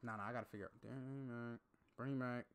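A man's voice: medium pitch, fairly even intonation, fast, smooth. A man hosting a reaction video, talking casually and profanely, often trailing off while he thinks aloud.

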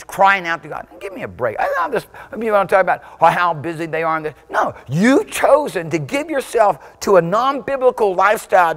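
Here a man preaches passionately from the pulpit, his sermon rising to shouted peaks and dropping into low, intense moments.

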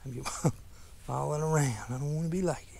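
A man's voice: a little high, moderate pace, creaky, background noise. A man in his thirties with a Southern US accent, chatting and rambling to the camera as a fishing vlogger and swearing at mishaps. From Tennessee. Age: 30s. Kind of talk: casual self-talk while fishing.

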